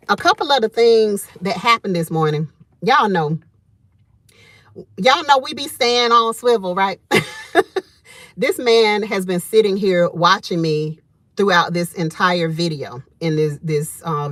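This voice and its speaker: A woman, hosting a live stream from outdoors in a parking lot and telling a story to her chat in an animated, chatty way with frequent laughs. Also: medium pitch, no echo. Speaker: homesteading channel host.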